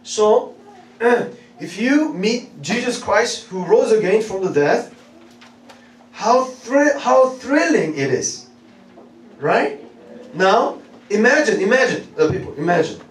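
Animated preacher man in echoey hall. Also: high-pitched, slow, long pauses. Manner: animated, laughing, repeats phrases, calls out to congregation. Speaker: pastor. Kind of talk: lively sermon. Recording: echoey room, mic at a distance, faint noise.

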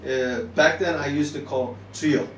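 Earnest Korean-accented pastor in a roomy hall. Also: male voice, fairly high pitch, a little slow, crowd noise. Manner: earnest, repetitive, builds to loud exclamations. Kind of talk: sermon. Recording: roomy church hall, distant mic.

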